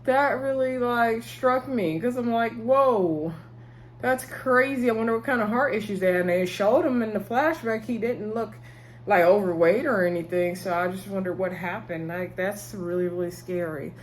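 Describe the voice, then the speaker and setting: A woman's voice: medium pitch, moderate pace, a little hiss or hum. Chatty woman in her thirties recapping TV. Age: 30s. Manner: rambling and chatty, laughs often, addresses viewers as y'all. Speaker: TV show reviewer. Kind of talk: casual recap chat.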